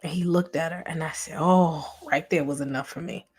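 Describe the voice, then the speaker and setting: A woman chatting casually to her viewers in a livestream, speaking softly and reflectively, answering their comments and now and then dropping to a whisper. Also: low voice, fairly even intonation, a little fast, slightly rough. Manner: talks directly to viewers, reads and answers chat comments; soft and reflective, sometimes drops to a whisper. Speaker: vlogger and channel host. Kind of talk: casual heartfelt livestream chat.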